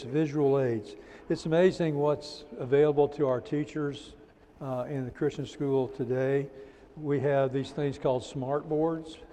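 Guy teaching a church class, warm mellow voice, says the key words over slow, hall echo. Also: mid-range voice. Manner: repeats key terms slowly for note-taking; folksy, drops in "amen" and "praise the Lord". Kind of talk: classroom lecture with church asides.

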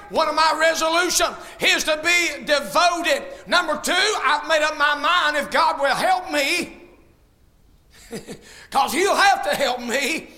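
Fiery high-voiced shouting preacher man. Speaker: pastor. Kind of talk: sermon.

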